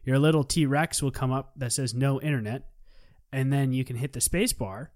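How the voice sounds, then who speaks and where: This podcast co-host has a medium-pitched, darkish voice and talks at a normal speed. Chatting casually, he rambles and jokes, often laughing at his own lines.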